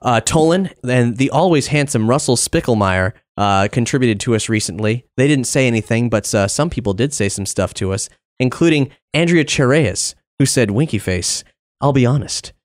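A man's voice: mid-range voice, animated, normal speed. A man hosting a podcast, casually and upbeatly reading out supporter news, names and messages. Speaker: podcast host.

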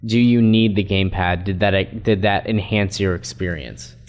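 A man with a slightly low voice speaks in an easygoing way in a casual gaming podcast. He recounts what a colleague asked, loosely and without hurry. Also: fairly even intonation, normal speed. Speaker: podcast co-host. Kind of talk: casual chat.

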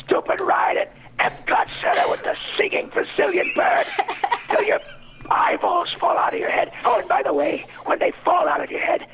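A man voicing a hateful, arrogant, cynical male demon with a raspy sneering growl. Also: extremely high pitch, huge pitch swings, normal speed, a bit bright, highs cut off, slight background noise, voice pushed up, exaggerated voice. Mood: contemptuous.

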